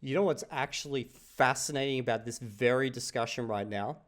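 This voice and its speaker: A man's voice: mid-range voice, brisk. Rambling Australian man, reacting casually. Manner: rambling, swears freely, frequent restarts. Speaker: reaction video host.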